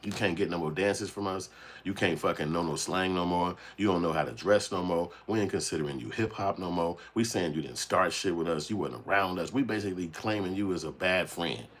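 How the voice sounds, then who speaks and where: A man ranting in a casual commentary, profane and animated, telling streetwise stories. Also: low-pitched, fairly quick. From United States. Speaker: commentary show host.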